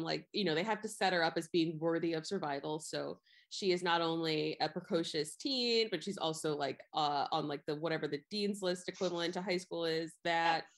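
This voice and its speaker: A young woman with a fairly low voice co-hosts a casual podcast. She rambles in a chatty way, full of "like" and "um," and laughs often. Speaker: podcast co-host. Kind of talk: casual chat about a film.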